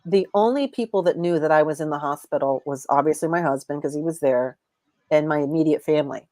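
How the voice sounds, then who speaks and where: A woman's voice: low voice, fairly quick, mellow, no room sound, studio quality. A woman, an intuitive reader, talking as a guest in a casual live chat, rambling with many restarts.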